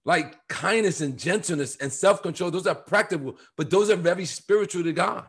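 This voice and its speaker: Male co-host, emphatic preacher, animated, sits a little high in pitch. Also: brisk, breathy edge. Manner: emphatic, animated, quotes scripture with rising fervor. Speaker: co-host of a church podcast. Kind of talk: preaching conversational Bible talk.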